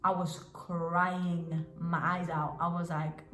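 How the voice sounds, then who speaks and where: A woman's voice: fairly low pitch, flat delivery, takes it slowly, fairly bright tone, a little hiss or hum. A young woman vlogging about her dance work, gushing and emotional, with many restarts and fillers. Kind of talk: casual storytelling vlog. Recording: roomy sound with faint music.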